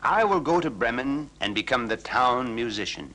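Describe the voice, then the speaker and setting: A kindly old donkey talks in a friendly, bouncy voice that swings up and down. He's cheerful and encouraging, a bright storybook character. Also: medium pitch, expressive, normal speed. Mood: hopeful.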